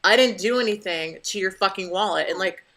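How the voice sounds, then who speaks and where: A woman's voice: mid-range voice, a little fast, a bit bright. A young adult woman venting to camera in a casual vlog, blunt and profane as she tells her story. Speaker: vlogger.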